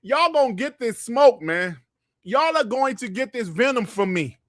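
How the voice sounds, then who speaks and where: A man hosting a gaming podcast livestream, ranting in a heated, profane and animated way. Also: extremely high pitch, a little slow, no echo. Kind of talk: livestream commentary rant.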